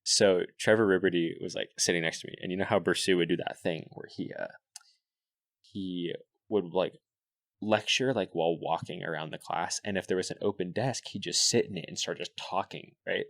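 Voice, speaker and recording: A young man chatting as a podcast guest, telling animated, swear-laden stories full of "like" and "dude". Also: low-pitched, moderate pace, gravelly, no room sound, studio quality. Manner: animated storyteller, swears freely, fillers like "like" and "dude". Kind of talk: casual podcast chat.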